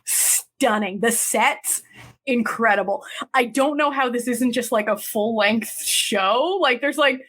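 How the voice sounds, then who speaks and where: A woman's voice: on the high side, takes it slowly. A woman co-hosting a podcast, casually and animatedly retelling a drama plot. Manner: animated storytelling, acting out characters' lines. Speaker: podcast co-host. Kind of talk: casual chat.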